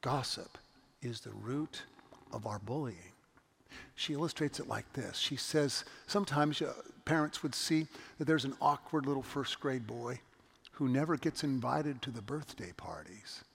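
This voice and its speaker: A man's voice: mid-range voice, a little slow, vocal fry, fairly bright tone, breathy edge, big-room sound. A man preaching a sermon in an earnest, storytelling manner, often restarting his words. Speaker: pastor.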